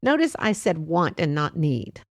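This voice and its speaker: A middle-aged woman hosting a faith-based motivational talk, speaking in a gentle, reassuring and chatty way with soft laughs. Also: low voice, very animated, measured pace, no room sound, studio quality. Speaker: podcast host.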